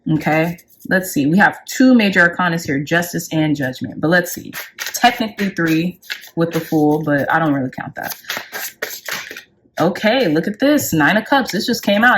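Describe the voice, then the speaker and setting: Woman doing a tarot pick-a-card reading, kinda low voice, gets all emotional and excited, swears a bit. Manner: emotional, effusive, swings up in pitch on key words; casual, swears lightly. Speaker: tarot reader.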